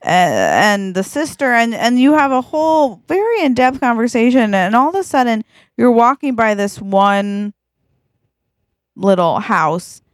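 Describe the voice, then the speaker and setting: A woman co-host spins an improvised romance story at an unhurried pace, giggling and slipping into quoted voices. Her voice sits mid-range and sounds close and dry. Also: on the high side, sing-song, no room sound. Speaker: podcast co-host.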